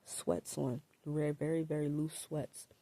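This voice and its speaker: Slow, gravelly woman with a scratchy throat. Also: sits low, flat delivery. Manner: halting and hesitant, repeats words and fills with 'like' and 'um'. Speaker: vlogger telling her own story. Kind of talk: personal storytelling to camera.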